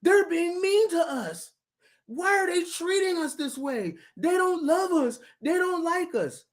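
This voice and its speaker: A man's voice: extremely high pitch, expressive, unhurried, voice pushed up. A man putting on a whimpering crybaby. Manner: whiny, tearful. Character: whimpering self-pitying adult complaining of mistreatment.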